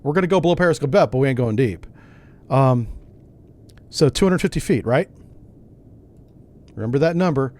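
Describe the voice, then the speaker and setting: A man's voice: mid-range voice, lively intonation, moderate pace, long pauses, a little mellow. Man thinking aloud over a sub sim. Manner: thinks aloud, wry and self-mocking. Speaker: gaming channel host. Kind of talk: casual gameplay commentary.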